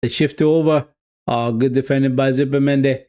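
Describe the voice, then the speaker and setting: A man with a Swedish accent streaming a live football watch-along, excitedly cheering on his team and chatting casually with viewers. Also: medium pitch, moderate pace, no echo, clean studio sound. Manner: self-mocking, casual asides to viewers.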